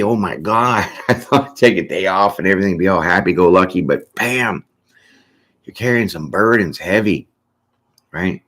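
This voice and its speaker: A man's voice: sits low, fairly bright tone. A man doing a casual, chatty tarot reading, joking and laughing often as he goes through the cards. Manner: chatty, laughs often, jokes and acts out little bits. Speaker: tarot reader.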